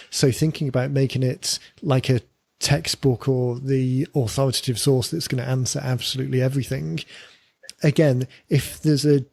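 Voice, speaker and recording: A man's voice: mid-range voice, gravelly, warm tone, dry recording. Man chatting on a podcast, dry sound. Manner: thinking aloud, with fillers and repeated words. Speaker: podcast co-host. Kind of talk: casual podcast chat.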